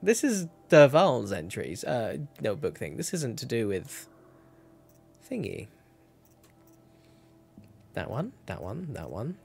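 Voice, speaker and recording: A man's voice: on the low side, big pitch swings, slow pace, creaky, long pauses, a little mellow, slightly rough, soft background music. A young man chatting casually while streaming a game, rambling and correcting himself as he goes. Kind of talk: casual gameplay commentary.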